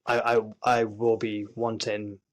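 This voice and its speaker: A man's voice: fairly low pitch, little pitch movement, a little slow, rough recording. A man with a Yorkshire accent, an actor and screenwriter talking earnestly as an interview guest, with many restarts and fillers. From Yorkshire, England. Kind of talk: casual interview chat.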